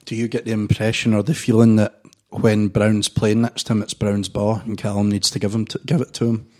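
A man's voice: on the low side, flat delivery, brisk, dark tone. A Scottish man on a football podcast panel, emphatic and joking. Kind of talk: casual football chat.

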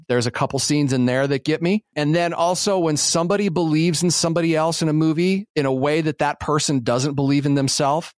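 A man's voice: a little high, clear, resonant tone, dry recording, studio quality. A man in his forties from Western South Dakota, a podcast co-host chatting casually and rambling a little, joking at his own expense. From Western South Dakota, USA. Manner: rambling and self-deprecating, jokes about himself. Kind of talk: casual chat.

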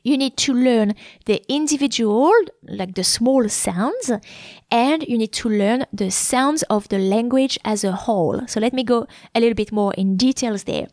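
A woman's voice: on the high side, measured pace, a little mellow, no room sound, clean studio sound. A woman in her thirties with a French accent, a French teacher explaining her course in a chatty way, often stopping to say sample sounds. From France. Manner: chatty, many fillers, demonstrates sounds.

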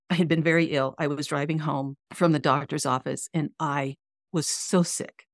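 Interview guest: middle-aged woman, low-pitched, gravelly, earnest faith testimony, dry close sound. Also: no echo. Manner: earnest, emotional storytelling. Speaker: guest, author and coach.

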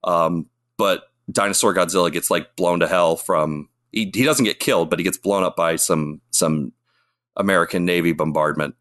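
Lowish voiced guy rambling excitedly on a podcast, acts out quotes. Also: normal speed. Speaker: podcast co-host. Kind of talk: casual chat.

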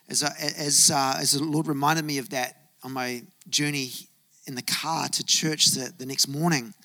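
A man's voice: medium pitch, sharp tone. A man preaching a sermon, telling a personal story and rising to emphatic bursts. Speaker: pastor.

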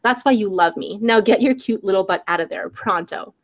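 A woman's voice: medium pitch, fairly quick, natural voice. A woman reading the part of a young woman's bossy best friend who scolds in an exasperated way, in a book reading. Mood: scolding.

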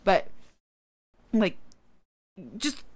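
A woman's voice: drawn-out words, dry recording. A woman in casual chat, a mother recounting a household argument and quoting both sides. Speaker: podcast co-host, mother.

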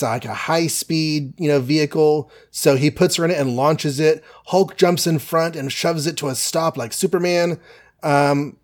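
A man in casual chat, playfully summarizing comic book plots with quick asides and filler. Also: fairly high pitch. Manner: playful, summarizes plots with goofy quoted voices. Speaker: podcast co-host.

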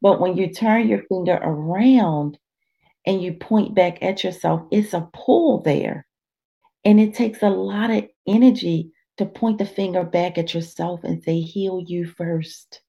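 A woman with a lowish, gravelly voice and a dark, mellow tone, talking as an interview guest. She speaks in an animated, preacherly way and acts out inner voices as she goes. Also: normal speed. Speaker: guest, life coach and author. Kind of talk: conversational interview.

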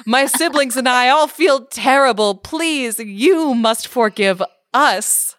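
A woman voicing a huge, overpolite eldest billy goat in a storybook parody, speaking a little higher than her own voice. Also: slow, a bit bright, no echo, clean studio sound. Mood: grandly contrite. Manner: grandly apologetic, overpolite. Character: haughty oversized eldest billy goat, male.

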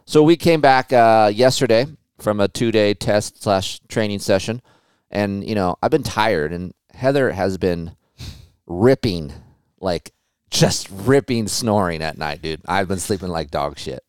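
A man in his forties hosting a podcast, telling stories in a casual, animated way with plenty of swearing. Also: fairly low pitch, unhurried, smooth, dry recording. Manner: animated storytelling with profanity. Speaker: podcast host. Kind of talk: casual chat.

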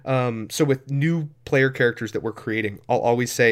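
A man in casual podcast chat, a game master who explains things and slips into quick voice demonstrations. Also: medium pitch. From United States.

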